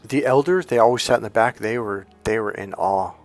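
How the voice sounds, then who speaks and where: A man, a dating coach, telling a personal story in a casual monologue, animated, swearing now and then, and acting out the lines of people in it. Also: fairly low pitch, fairly quick, no room sound, soft background music. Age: young adult. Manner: animated, swears and acts out quotes.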